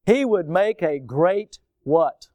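A man's voice: fairly high pitch, lively intonation, takes it slowly, dark tone, no echo. A male pastor preaching a sermon, posing rhetorical questions and repeating key words for emphasis, then leading a prayer. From United States.

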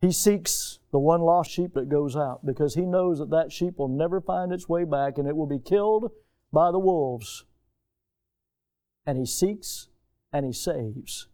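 A man from the United States preaching a sermon as pastor, emphatic, swinging between hushed, tender passages and loud, high exclamations. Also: a little slow, pauses often.

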